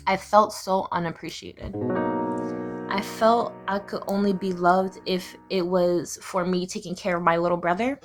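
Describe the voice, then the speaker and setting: A woman's voice: fairly low pitch, fairly even intonation, measured pace. A young woman speaking candidly in a personal confessional vlog, raw and profane, firing off heated rhetorical questions. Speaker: vlogger. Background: music.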